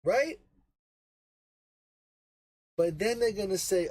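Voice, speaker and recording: A man's voice: high voice, expressive, takes it slowly, pauses often, a little mellow, poor audio. A man hosting a casual baseball talk show, rambling and explaining with frequent "right?" tag questions and repeated points. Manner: repeats himself for emphasis. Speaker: baseball podcast host.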